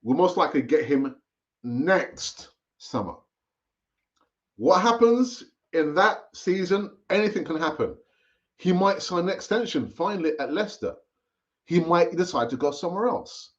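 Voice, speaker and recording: A man's voice: a little high, expressive, measured pace. A man hosting a live football fan stream, chatting casually and repeating himself as he urges viewers to comment. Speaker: fan channel host. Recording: dull lo-fi stream audio.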